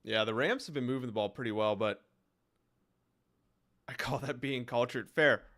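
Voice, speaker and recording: A young man streaming live play-by-play reactions to a football game, calling the action and reacting excitedly, his voice starting to wear out. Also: medium pitch, normal speed. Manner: excited commentary, reacting aloud to plays.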